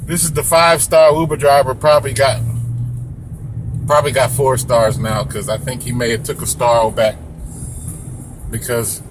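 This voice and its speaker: A young man, a rideshare driver, telling a story to camera in a casual, animated way and mimicking squeaky sounds. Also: normal speed, long pauses, noisy background.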